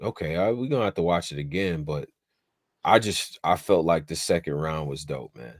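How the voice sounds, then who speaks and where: A man's voice: low-pitched, moderate pace, no room sound, clean studio sound. A man co-hosting a casual podcast, animatedly recapping a rap battle and quoting lines. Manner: animated, repeats phrases, quotes bars. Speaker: podcast co-host.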